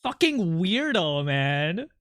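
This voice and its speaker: A live streamer talks casually with chat in a bright, sharp voice, close on a desk microphone. The sound is dry, with no room echo. The talk rambles from joke to joke, swearing freely and breaking into laughs. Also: mid-range voice, very animated, slow. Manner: rambling and joking, swears a lot, laughs often. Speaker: art streamer chatting with viewers.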